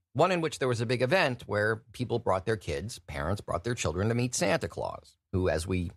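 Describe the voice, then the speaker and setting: A man hosting his own podcast, telling stories in a wry, animated way. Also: fairly low pitch, dry recording, studio quality. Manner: wry, animated storytelling with mocking impressions. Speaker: podcast host. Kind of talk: solo podcast monologue.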